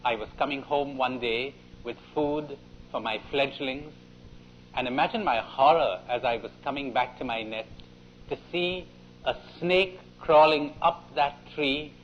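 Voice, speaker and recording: A man's voice: medium pitch, unhurried, highs cut off, a little hiss or hum, close to an everyday voice. A man voicing a mother bird who laments the loss of her young. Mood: grieving. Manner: sorrowful, lamenting.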